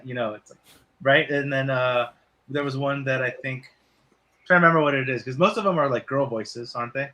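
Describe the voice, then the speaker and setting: A man co-hosting a casual podcast chat, joking around, swearing freely and slipping into quick impressions. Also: medium pitch, bright, forceful tone. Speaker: podcast co-host.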